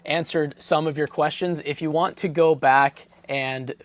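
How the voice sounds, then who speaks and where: A relaxed, conversational co-host reading viewers' questions aloud on a live stream. The voice sits at a middling pitch with an easy, chatty rhythm. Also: unhurried. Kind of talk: casual livestream chat.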